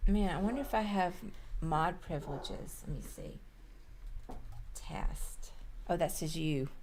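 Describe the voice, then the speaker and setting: A woman's voice: lowish voice, moderate pace, darkish tone, a little hiss or hum. A woman co-hosting a chess live stream from home, chatty, laughing easily and asking questions. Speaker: stream co-host. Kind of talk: casual chat on a live stream. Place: home with dogs.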